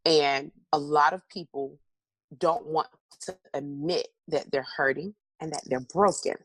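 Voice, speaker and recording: A low-pitched, unhurried female voice belongs to a middle-aged motivational speaker being interviewed. She shares stories with animation and dramatizes her own replies in a candid, conversational exchange, with no room sound.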